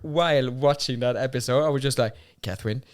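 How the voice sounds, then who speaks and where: Laughing man co-hosting a podcast chat, mid pitch, lots of fillers. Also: fairly even intonation, brisk, clear, resonant tone. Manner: chatty, laughs often, many fillers. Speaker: podcast co-host. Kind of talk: casual chat.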